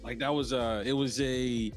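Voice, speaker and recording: A young man and father hosting a casual podcast, speaking haltingly as he steers the topic. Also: medium pitch, fairly even intonation, soft background music. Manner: halting, full of fillers and restarts. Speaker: podcast host.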